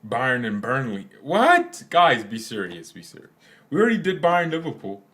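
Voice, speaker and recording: A man's voice: medium pitch, very animated, fairly quick, a bit bright. Casting: young male channel host, casual and rambling, jokey asides to his viewers. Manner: rambling, joking, trails off into silly asides. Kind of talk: casual live chat with viewers.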